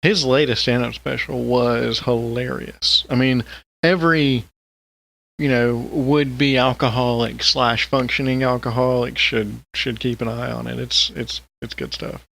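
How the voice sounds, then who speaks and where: A man co-hosting a podcast, chatting casually and retelling stories in an excitable, profane way. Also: mid-range voice, a little slow, gravelly. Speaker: podcast co-host. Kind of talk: casual chat.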